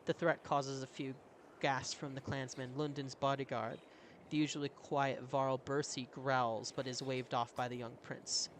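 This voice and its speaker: A man's voice: mid-range voice, little pitch movement, a little slow, a little hiss or hum. A man reading a story game aloud as a streamer, with casual, self-mocking asides.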